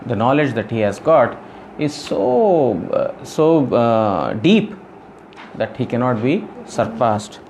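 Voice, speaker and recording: A man teaching scripture in a devotional lecture, his voice sitting at an ordinary middle pitch. He explains earnestly, circling back over his phrases and leaning on "you know". A light hiss sits faintly under the recording. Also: big pitch swings, slow, a little mellow. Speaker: spiritual teacher.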